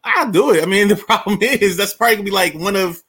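A man's voice: high-pitched, animated, fast, fairly bright tone, husky. A man co-hosting a casual sports talk show, easygoing and laughing along.

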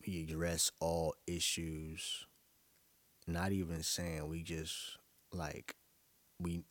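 A young New man with a very low voice, speaking in a dry, close recording. He rambles through a casual monologue, loose and profane, with plenty of filler. He sounds relaxed and conversational. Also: takes it slowly, pauses often, dry recording. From Brooklyn, New York. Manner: loose, profane, rambling storytelling with frequent laughs.

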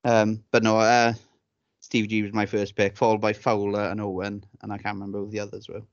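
A man's voice: fairly low pitch, monotone, fairly quick, dry recording. Male podcast co-host, casual banter, swears freely; dry, slightly muffled audio. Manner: chatty, swears freely, tells anecdotes with relish.

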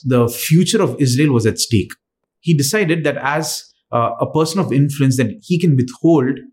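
A man preaching a sermon, earnest and halting, with frequent fillers and restarts. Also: medium pitch, darkish tone.

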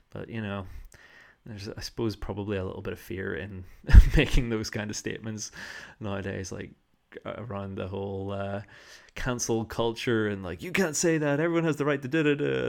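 A man's voice: sits low, creaky. A man hosting a podcast alone, telling a rambling story full of fillers and frequent laughter into a microphone. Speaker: podcast host. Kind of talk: casual storytelling monologue. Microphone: studio microphone.

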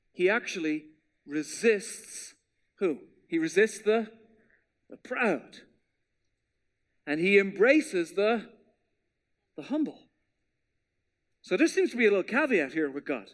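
A man preaching a sermon as pastor, in a conversational style that drops to hushed tones for scripture. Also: high-pitched.

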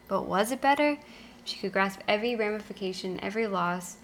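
A woman co-hosts a relaxed podcast and chats casually about a book series. Now and then she reads passages aloud. A faint hiss sits under her voice. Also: medium pitch, fast talker. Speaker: podcast co-host. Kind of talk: casual chat.

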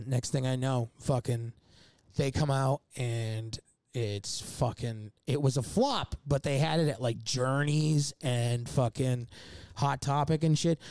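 A man's voice: medium pitch, darkish tone, no echo. A man telling a long, rambling story as a podcast guest, swearing often and laughing mid-sentence. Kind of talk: casual storytelling chat.

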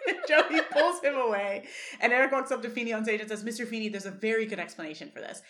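A woman's voice: on the high side, quick pace. A woman co-hosting a casual podcast, recapping an episode scene by scene and quoting the lines with lots of laughter. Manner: animated retelling, quotes scenes, laughs often. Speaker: podcast co-host.

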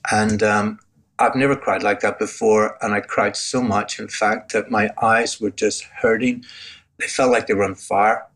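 As an interview guest, an older Northern Irish man relates his personal testimony in an earnest, reflective way, often beginning sentences again. He speaks with his native accent in a fairly low, steady, somewhat bright voice, without hurrying.

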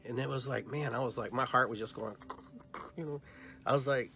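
A man in his fifties hosting a podcast, rambling softly and heartfelt as he tells a personal story. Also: mid-range voice, steady tone, moderate pace. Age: 50s. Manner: rambling, heartfelt, soft-spoken retelling of a dream. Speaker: podcast host.

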